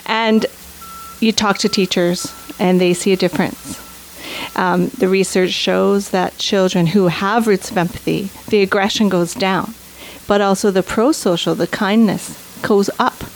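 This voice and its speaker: Woman teacher guest, excited, keeps saying right?, a bit of hiss. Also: medium pitch, unhurried, poor audio. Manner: enthusiastic, frequent "right?" tags. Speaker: empathy program instructor. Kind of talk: interview guest.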